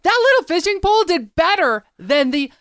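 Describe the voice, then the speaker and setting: A woman's voice: very high voice, sing-song, a little fast, a bit bright, no echo, clean studio sound. A woman co-hosting a show, chatting casually about news stories. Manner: chatty, storytelling, laughs easily. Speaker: co-host.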